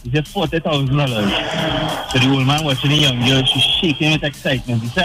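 A man calling in to a radio show and telling a joke in a fast, animated way. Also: medium pitch. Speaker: radio caller. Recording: phone call on air with music.

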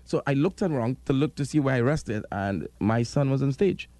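A man's voice: mid-range voice, lively intonation, normal speed, darkish tone, no echo. A Trinidadian man in his thirties hosting an interview, earnest and hesitant, restarting his sentences often. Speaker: interview host. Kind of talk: casual interview.

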